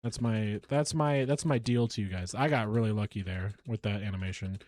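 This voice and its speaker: A man's voice: on the low side, fairly quick, darkish tone, dry recording. A man streaming a game live, chatty and self-mocking as he talks through his play. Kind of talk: live gameplay commentary.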